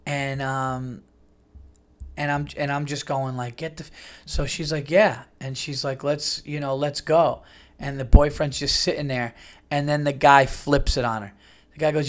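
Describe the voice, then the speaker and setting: Man, podcast host, rambling casual storytelling, mid-pitched voice, fillers and restarts. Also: brisk. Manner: animated retelling with many fillers and restarts.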